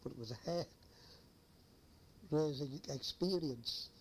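A man's voice: mid-range voice, unhurried, darkish tone, a little hiss or hum. An older man, a former lighthouse keeper telling a rambling old story with chuckles. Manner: rambling, chuckling anecdotal teller. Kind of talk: oral history storytelling.

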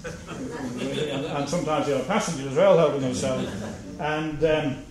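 An older man telling anecdotal stories of his working days, chuckling and halting with fillers. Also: on the high side, steady tone. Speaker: interviewee. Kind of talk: oral history reminiscence. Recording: very echoey room, faint hiss.

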